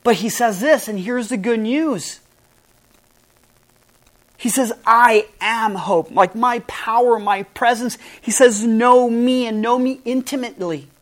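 A woman's voice: a little high, measured pace. A woman pastor preaching a sermon in an earnest, emphatic way, stressing and spelling out key words.

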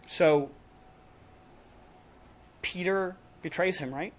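A man preaching a sermon in a casual, emphatic way, with dramatic pauses between short punchy phrases. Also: high-pitched, fairly even intonation, fairly bright tone.

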